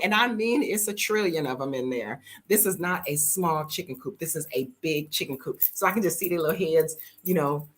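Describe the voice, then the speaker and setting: A woman chatting casually to her viewers, telling animated stories with jokes and sudden high-pitched exclamations. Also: breathy edge. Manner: colloquial, joking, talks to viewers as y'all. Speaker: travel vlogger. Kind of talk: casual chat to camera.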